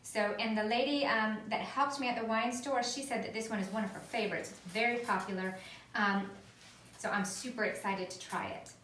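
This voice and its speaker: A woman's voice: on the high side, fairly even intonation, brisk, fairly bright tone, a little hiss or hum. A woman co-hosting a wine podcast, chatting casually and enthusiastically with fillers while tasting. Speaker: podcast co-host. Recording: echoey room, mic at a distance.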